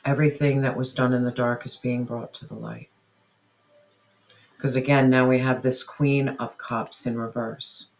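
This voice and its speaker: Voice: mid-range voice, little pitch movement, moderate pace, gravelly, slight background noise. Earnest tarot reader speaking to viewers. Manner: earnest, repeats phrases, talks directly to listener; asks spirit questions aloud while drawing cards. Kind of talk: tarot reading addressed to viewers.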